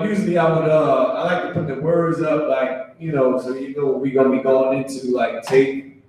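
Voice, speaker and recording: A man's voice: medium pitch, a little mellow. A man teaching a Hebrew class at a board, casual and repetitive, drawing out key words. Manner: casual, repeats and restarts, drawls key words. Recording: very echoey room, mic far off.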